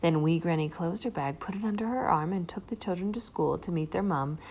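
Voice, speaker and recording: A woman reads a children's picture book aloud in a low voice. She is expressive and slows down on the key moments. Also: slight background noise. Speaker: storybook reader.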